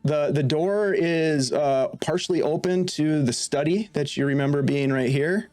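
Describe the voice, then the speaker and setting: A man's voice: a little high, unhurried, a little mellow, faint music behind. A man running a tabletop game as game master, describing scenes and calling for rolls.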